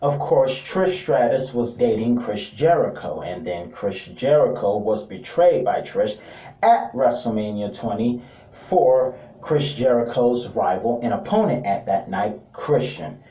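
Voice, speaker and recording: A man's voice: mid-range voice, expressive, unhurried, dark tone, lo-fi sound. A man giving a casual wrestling review, rambling with joking asides. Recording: roomy sound, distant mic.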